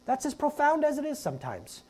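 A man's voice: extremely high pitch, wildly swooping pitch, a little fast, a little mellow. A man in his thirties preaching a sermon in a conversational, jokey way. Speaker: pastor.

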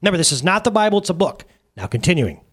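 Husky, animated man preaching. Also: high voice, very fast. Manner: animated, addresses the audience directly. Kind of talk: sermon with book reading.

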